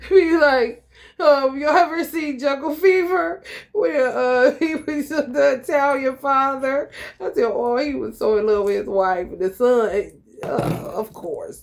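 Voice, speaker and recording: Gravelly, blunt, laughing woman tarot reader. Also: mid-range voice, darkish tone. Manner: blunt, profane, slangy, addresses viewers as y'all and honey; laughs often while telling stories. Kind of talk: casual spoken tarot reading.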